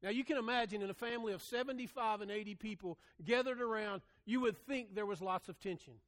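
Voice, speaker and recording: A man's voice: high voice, brisk, a bit bright. A middle-aged man, preaching a sermon as a pastor, earnest and folksy with repeated rhetorical phrases.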